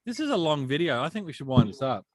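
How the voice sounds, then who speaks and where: An Australian man co-hosting a casual chat show, telling animated travel anecdotes full of slang. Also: a little high, quick pace, dry recording. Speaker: podcast co-host.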